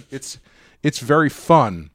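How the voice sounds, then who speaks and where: A man's voice: a little high, very animated, takes it slowly, gravelly, a bit bright, husky, dry recording, studio quality. A man co-hosting a podcast and discussing a movie casually, with lots of hesitations and restarts. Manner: hesitant, restarts often, laughs easily. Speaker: podcast co-host.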